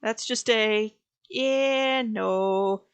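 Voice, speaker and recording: Slow, high-voiced woman casually chatting. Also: clean tone. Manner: laughs easily, loose and joking. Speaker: streamer host. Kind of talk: casual chat on an art stream.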